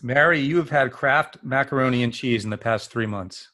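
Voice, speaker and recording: A man hosts a relaxed interview, reading out questions in a friendly, light way. His pitch sits in an ordinary middle range, and he keeps things easygoing. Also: normal speed. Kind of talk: casual interview, quiz questions.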